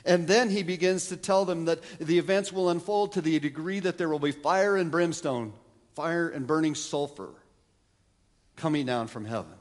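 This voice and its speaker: A man preaching a sermon as pastor, lively with wry asides and frequent restarts. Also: a little high, normal speed. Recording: long reverb of a large hall.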